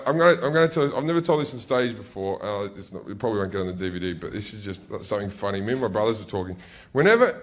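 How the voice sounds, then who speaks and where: A man with an Australian accent telling profane stand-up stories on stage, often breaking into loud yelled impressions of family members. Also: mid-range voice. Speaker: stand-up comedian. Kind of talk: stand-up storytelling. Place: stage before a laughing audience.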